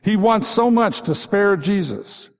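A man's voice: sits high, lively intonation, a little slow, creaky. A man preaching a Good Friday sermon as a pastor, reflective and posing repeated rhetorical questions. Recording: long reverb.

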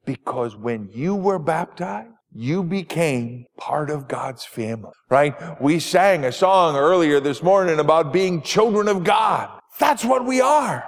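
Pastor with a lively voice in a reverberant church. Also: male voice, fairly high pitch, unhurried, hardly any pauses. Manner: gentle, playful with children, rising to emphatic exclamations. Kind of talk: gospel reading and children's sermon. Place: church sanctuary.

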